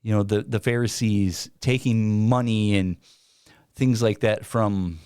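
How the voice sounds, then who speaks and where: A man hosting a reaction video, talking in a slow, hesitant way with many fillers and restarts. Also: on the low side, steady tone, a little mellow, clear, resonant tone, no echo, studio quality. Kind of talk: casual commentary.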